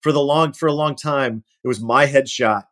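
A man, a guest actor, telling an animated, self-mocking anecdote in casual conversation and acting out the other people in it. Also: medium pitch, moderate pace. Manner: animated storyteller acting out quoted voices.

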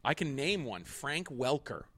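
A man's voice: medium pitch, big pitch swings, measured pace, a bit bright, husky. Rambling man saying "like" a lot. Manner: rambling, full of "like" and restarts. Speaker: podcast host and comedian. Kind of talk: casual chat.

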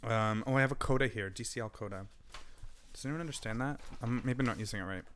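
A man's voice: medium pitch, quick pace, a bit bright. Angry swearing man on a podcast. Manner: angry, swearing, laughing between rants. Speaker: podcast co-host. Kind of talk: casual podcast chat.

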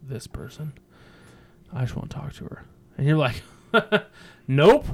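A man with a slightly high voice tells stories in a brash, cursing, animated way. His delivery is boastful and loose, full of swagger. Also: unhurried, gravelly, breathy edge. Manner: brash, profane, animated storyteller. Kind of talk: casual storytelling chat.

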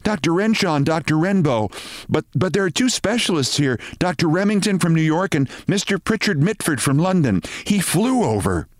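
Man voicing a young female nurse, high, brisk, breathless, storybook reading. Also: big pitch swings, no echo, studio quality. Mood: urgent.

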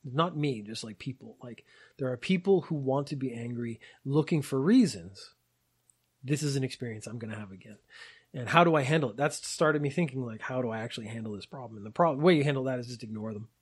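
A man's voice: medium pitch, a little fast, husky. A man in his forties telling personal anecdotes in a reflective, wry, digressive way. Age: 40s. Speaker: storyteller.

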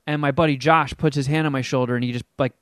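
A middle-aged man casually telling a story on a podcast, animated and acting out the people he quotes. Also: quick pace, clear, resonant tone, no room sound, clean studio sound. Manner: animated, acts out quotes with big pitch jumps.

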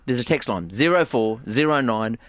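A man's voice: mid-range voice, animated, moderate pace, no echo. A man co-hosting a podcast in casual chat, teasing his partner with jokes. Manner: joking, teasing. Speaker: podcast co-host.

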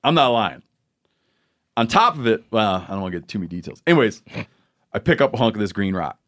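A man's voice: on the low side, lively intonation, fast, fairly bright tone. A man hosting a podcast, telling a rambling, joking story in casual chat. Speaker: podcast host.

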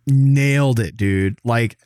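Excitable, swearing man. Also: mid-range voice, slow pace, dry recording, clean studio sound. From American South. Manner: profane, excitable, rambling. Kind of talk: casual chat.

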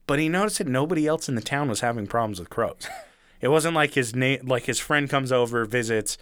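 A man's voice: medium pitch, expressive, brisk, fairly bright tone, no echo. A man telling a rambling story in casual chat, chuckling now and then and swearing freely.

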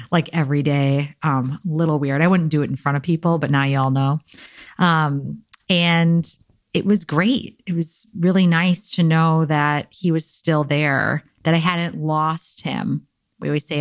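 Low-voiced woman, candid spiritual talk. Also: no room sound, studio quality. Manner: candid, conversational, uses filler "like" and "um". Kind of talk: casual spiritual self-help talk.

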